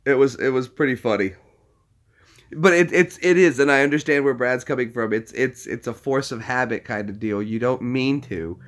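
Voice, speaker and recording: A man's voice: mid-range voice, normal speed. A man talking casually to his camera as a vlogger, rambling and chuckling as he thinks aloud while clicking around. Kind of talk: casual vlog chat.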